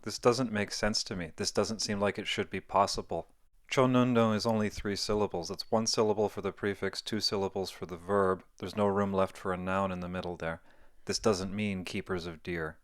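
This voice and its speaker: A man's voice: on the low side, dry recording, clean studio sound. A man explaining a topic in a casual monologue, thinking aloud and correcting himself as he goes. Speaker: video essayist.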